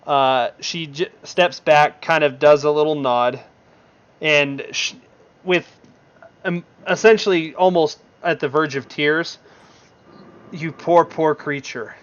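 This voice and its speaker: A man's voice: fairly high pitch, fairly even intonation, slow pace, fairly bright tone, dull audio. A man narrating as game master in a tabletop game, rambling with many fillers.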